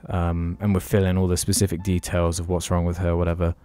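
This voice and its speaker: Low-voiced sweary British podcast man. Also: completely flat delivery, a little fast, dark tone. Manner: frank, sweary, meandering with restarts. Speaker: podcast co-host. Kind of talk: casual chat, storytelling.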